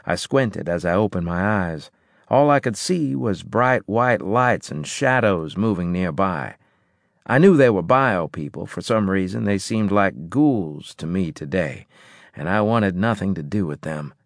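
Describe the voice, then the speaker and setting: Low, lively male audiobook narrator. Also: unhurried, gravelly, no echo, clean studio sound. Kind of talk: first-person audiobook narration.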